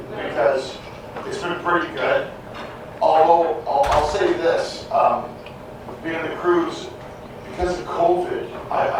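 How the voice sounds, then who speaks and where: A man doing a stand-up comedy set in a theater on a cruise ship, with loose, crude, self-mocking banter. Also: on the high side. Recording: echoey hall heard from far off, noisy.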